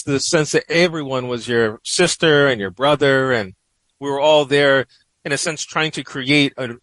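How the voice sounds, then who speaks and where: A man's voice: medium pitch, fairly bright tone, no echo, rough recording. Male guest, 40s, from New York, reflective storyteller who rambles, dry studio sound. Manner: reflective, rambling, many "you know"s. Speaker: guest columnist. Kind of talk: personal storytelling in a radio interview.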